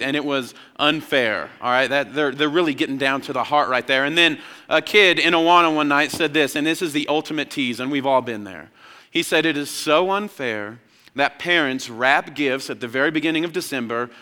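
Bright, clear-voiced young pastor preaching. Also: male voice, fairly high pitch. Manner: lively storytelling, acts out childhood voices. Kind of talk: sermon. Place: large church hall. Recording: long hall reverb.

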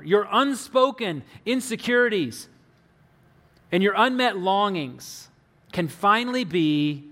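A man with a fairly high voice delivers a sermon. He is earnest and slows down to drop low on the key words. The sound carries a long echo, as in a large space. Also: a bit bright. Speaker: pastor.

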